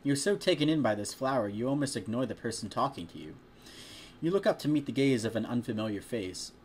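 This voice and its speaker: A man reads a story aloud in a casual, chatty way, stopping now and then for a joke about the text. His voice sits at a middle pitch. A faint background noise runs under the recording. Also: expressive, brisk. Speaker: fanfiction reader.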